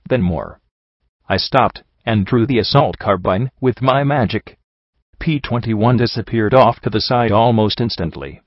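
A man narrating a first-person story in a steady, even storytelling manner. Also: on the low side, no room sound. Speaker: audiobook narrator. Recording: dull lo-fi recording.

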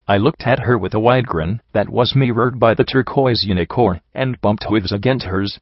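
Male narrator, low pitch, steady storyteller, dull lo-fi sound. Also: normal speed, few pauses, no room sound. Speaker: audiobook narrator. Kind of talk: reading fan fiction aloud. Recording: dull lo-fi dry recording.

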